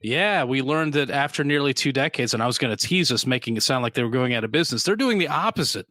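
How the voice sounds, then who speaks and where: A man co-hosting a beer podcast rambles through casual conversation, full of ums, fillers, and restarts. He has a medium pitch, lively intonation, and a quick pace, and his voice comes across pushed and bright with no room sound.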